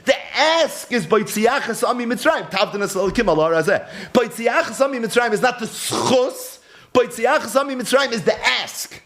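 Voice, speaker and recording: Male rabbi, animated teacher, rhetorical questions, acts out dialogue, bright high voice that swoops a lot. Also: moderate pace. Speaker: rabbi teaching a Torah class. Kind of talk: animated scriptural lecture.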